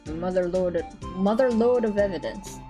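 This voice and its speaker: A woman voicing a swaggering male cowboy, putting on a slow country drawl with folksy threats. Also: high-pitched, expressive, music in the background. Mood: folksy menace.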